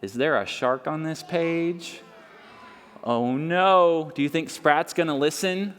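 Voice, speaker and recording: A man in a library reading a picture book aloud to children, playful and animated, asking them questions. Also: on the high side, slow, smooth. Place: library story room. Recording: long reverb in a large room.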